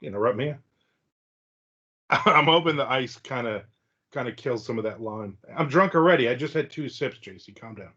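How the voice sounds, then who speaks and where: A man's voice: medium pitch, expressive, moderate pace, sharp tone, slightly rough. A middle-aged man with a New Jersey accent hosting a casual podcast chat, rambling and teasing his co-host. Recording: dull lo-fi sound.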